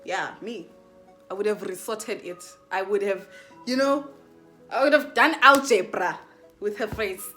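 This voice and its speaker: A young woman vlogger telling a casual storytime, chatty and animated, full of fillers and acted-out asides. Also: medium pitch, unhurried, long pauses, faint music behind.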